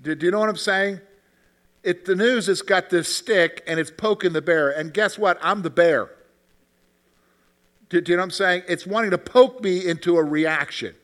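A man teaching a Bible study class in an interactive discussion, with a high voice. His tone is bright and forward. He asks the group questions, repeats his points, and keeps checking in with "okay?". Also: moderate pace.

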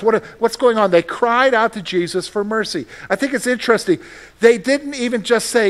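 A man with a high voice preaching to his congregation. He talks in a loose, conversational way, asks the room questions and acts out short voices to make a point. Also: moderate pace. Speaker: pastor. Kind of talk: sermon.

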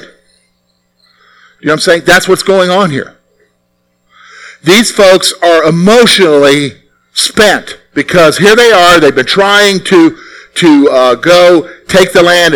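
A man preaching a sermon in an animated, conversational way, often putting rhetorical questions to his listeners. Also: on the high side, rough recording.

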